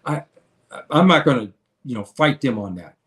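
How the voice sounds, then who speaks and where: A man hosting a casual live show, talking straight to his viewers. He is earnest and hesitant, restarts often, and calls his listeners brother and sister. His voice sits at an ordinary middle pitch. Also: lively intonation, moderate pace, a bit bright. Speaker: show host answering viewers. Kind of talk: casual livestream talk.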